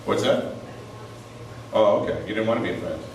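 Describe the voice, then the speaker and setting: Live from a comedy club, a Canadian male comic with a lowish voice talks fairly quickly as he works the audience. The distant mic gives a roomy, noisy sound, and his animated delivery veers into loud impersonations and rants.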